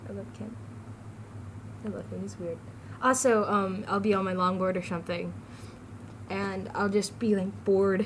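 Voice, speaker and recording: A woman's voice: medium pitch, brisk, slight background noise, rough recording. A teenage girl vlogging, chatty and giggly, jumping from topic to topic. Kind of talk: casual rambling vlog.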